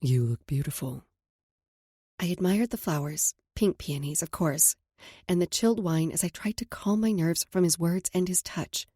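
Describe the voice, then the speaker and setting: A woman narrating a first-person romance audiobook with a husky, mellow voice. Her reading is soft and intimate, sitting a little low. The recording is dry and close. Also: moderate pace, no room sound.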